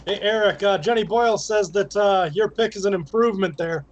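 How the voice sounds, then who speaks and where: A man's voice: high-pitched, fairly quick. A man co-hosting a podcast in casual, playful chat, reading out the names of viewers in the chat. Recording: dull lo-fi mic.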